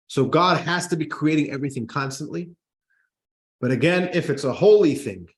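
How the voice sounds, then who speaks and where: Male rabbi lecturer, slightly high voice, animated classroom explainer. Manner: animated teacher, reads text aloud then explains. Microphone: microphone in front of him.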